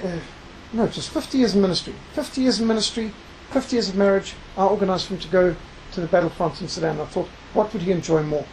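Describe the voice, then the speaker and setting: A preacher and missionary giving a sermon, reading scripture aloud and slowing down to stress key words. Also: medium pitch, a little hiss or hum, low-quality recording. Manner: reads scripture aloud within the talk.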